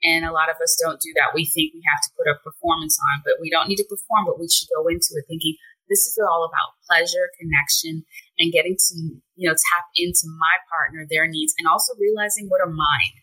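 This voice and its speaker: A woman with a lowish, husky voice talks as a guest therapist on a podcast. She speaks with a forceful edge, calm and measured, setting out practical tips in order. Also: poor audio. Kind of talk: advice-giving interview talk.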